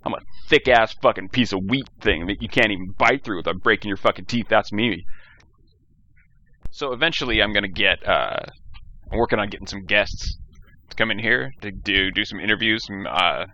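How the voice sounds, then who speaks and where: A man's voice: fairly low pitch, normal speed, bright, forceful tone. Profane rambling man on a lo-fi headset. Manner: profane, rambling, jokey rants. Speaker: podcast host. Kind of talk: solo podcast monologue. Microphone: cheap gaming headset. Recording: dull lo-fi headset audio.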